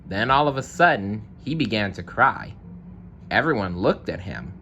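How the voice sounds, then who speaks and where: A man reading a children's picture book aloud, narrating slowly and expressively. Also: fairly low pitch, slight background noise. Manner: slow, expressive. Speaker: story reader. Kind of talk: read-aloud storybook narration.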